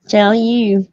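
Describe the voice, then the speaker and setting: A woman's voice: mid-range voice, darkish tone, no room sound. A middle-aged woman hosting a casual chat, folksy and blunt, laughing often. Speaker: host. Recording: dull lo-fi sound.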